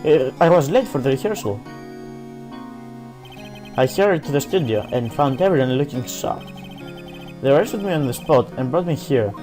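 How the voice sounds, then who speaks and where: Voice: mid-range voice, lively intonation, moderate pace, long pauses, music in the background, natural voice. A let's player voicing a tired young male TV actor who meekly explains his day. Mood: sheepish. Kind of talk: let's play voice acting.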